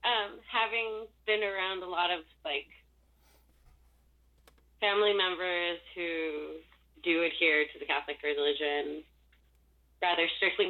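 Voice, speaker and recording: A young woman from Southern California, the guest in a casual interview, rambling, swearing and laughing often. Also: lowish voice. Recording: tinny phone-like line.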